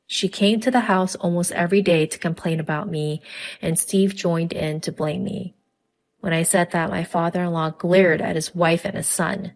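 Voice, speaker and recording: A woman telling a first-person family drama story in scripted, even narration. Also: fairly low pitch, normal speed, gravelly.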